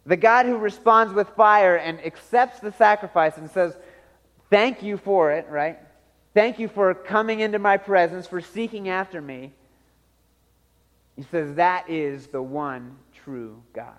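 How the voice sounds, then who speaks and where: A man preaching a sermon as a pastor, telling a story with animated acted-out voices and frequent laughs. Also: sits high, long reverb tail.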